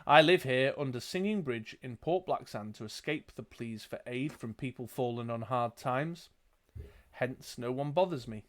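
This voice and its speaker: A man voicing a tired old male wizard who speaks calmly and gravely. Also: mid-range voice, moderate pace, natural voice. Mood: calm, weary.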